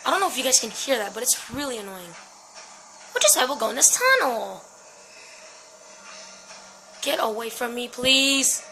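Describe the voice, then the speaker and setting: A woman's voice: on the high side, sing-song, moderate pace, pauses often, sharp tone, faint music behind, low-quality recording. A woman giving jumpy, swear-laden commentary while playing a horror game. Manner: jumpy, swearing, talks to herself. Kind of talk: let's-play commentary.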